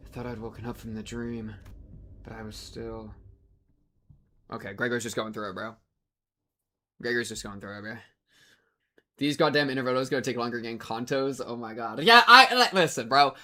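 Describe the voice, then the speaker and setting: A man streaming a reaction to a game, talking loudly and excitedly and calling everyone bro. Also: mid-range voice, normal speed, long pauses. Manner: loud, excitable, keeps calling people bro.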